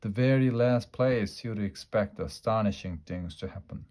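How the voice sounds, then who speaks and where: A man reading a children's book aloud, slow and careful with small slips. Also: fairly low pitch, darkish tone. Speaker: storybook reader.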